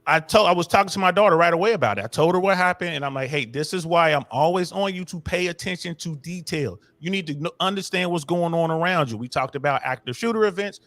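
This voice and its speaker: A middle-aged man talks as a guest in a casual chat, his voice sitting a little high. He tells stories with care over his words. The recording is dry and close. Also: quick pace, few pauses, fairly bright tone, no echo. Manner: storytelling, cautious with words. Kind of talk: casual conversation.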